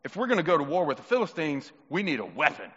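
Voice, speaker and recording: A man's voice: on the high side, sing-song, fast, fairly bright tone, breathy edge, in a large hall, muffled recording, exaggerated voice. A man voicing a scheming young Israelite soldier who has a plan for a secret weapon.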